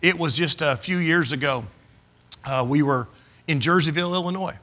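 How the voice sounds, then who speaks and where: Older preacher with bright voice. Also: male voice, on the high side, normal speed. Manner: folksy storytelling, self-mocking. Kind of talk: sermon with humorous personal anecdote.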